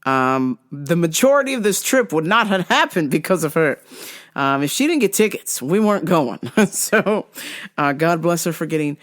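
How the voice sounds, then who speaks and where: A woman's voice: lowish voice, expressive, normal speed. A woman hosting her own online radio show in a casual, joking monologue, laughing often and swearing freely. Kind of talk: casual solo podcast monologue.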